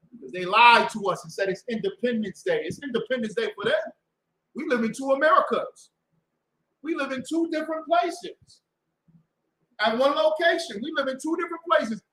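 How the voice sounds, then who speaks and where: A man preaching as a show's host, loud and mocking, repeating himself and breaking into shouts. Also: very high-pitched, reverberant, rough recording. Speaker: street preacher and show host. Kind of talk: fiery preaching talk. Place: indoor room with a door to the street.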